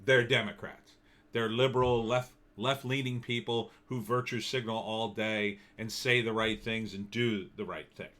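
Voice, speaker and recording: A man's voice: lowish voice, fairly even intonation, unhurried, a bit bright. A man giving an opinionated, sardonic commentary monologue in a loose, conversational way. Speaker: political commentator.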